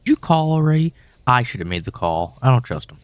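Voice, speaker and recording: A man's voice: medium pitch, sing-song, fairly quick, no echo. A young man giving wry, suspicious commentary while playing a horror game, swearing now and then. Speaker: gaming channel host.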